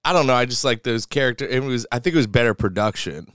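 A man's voice: medium pitch, expressive, quick pace, a bit bright, dry recording, clean studio sound. A man co-hosting a podcast in loose, profane, laughing casual chat. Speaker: podcast co-host.

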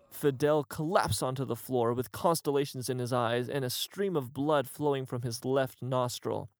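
A man narrating an absurd comic story in a mock-grand, deadpan manner. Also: medium pitch, no room sound.

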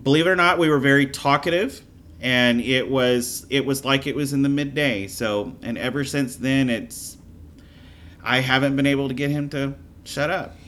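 A man from Louisiana who tells stories in a chatty, animated way during a casual interview. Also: medium pitch, moderate pace.

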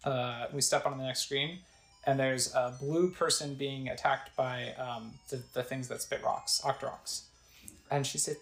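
A woman's voice: extremely low pitch, fairly even intonation, a little slow, reverberant, faint music behind, low-quality recording. A woman casually narrating a video game playthrough, describing the screen and reading its text aloud. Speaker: gamer narrating a let's play.

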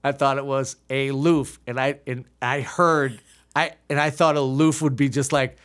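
A man's voice: mid-range voice, steady tone, moderate pace, fairly bright tone. A man in his fifties, an improv comedian telling a self-deprecating story in casual chat, with frequent restarts. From United States. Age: 50s. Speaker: podcast guest, improv comedian.

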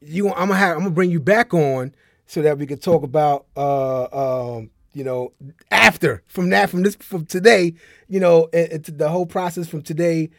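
A man hosting a podcast interview, excitable and quick to laugh, talking casually and warmly thanking his guest. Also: a little high, no echo, studio quality. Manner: excitable, loud laughing outbursts. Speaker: podcast host.

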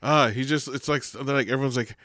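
A man who co-hosts a podcast, reciting a spoken-word poem with a forceful rhythm and then chatting casually with plenty of profanity. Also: mid-range voice, quick pace, dry recording, clean studio sound. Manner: rhythmic, forceful delivery in the poem; profane, laughing banter in chat. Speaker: podcast co-host.

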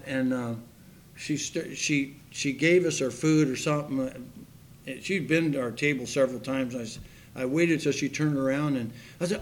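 A man's voice: medium pitch, fairly even intonation, normal speed, slight background noise. A man preaching a sermon in a folksy storytelling manner, acting out the people in his stories. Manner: folksy storytelling, acts out quoted voices. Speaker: pastor.

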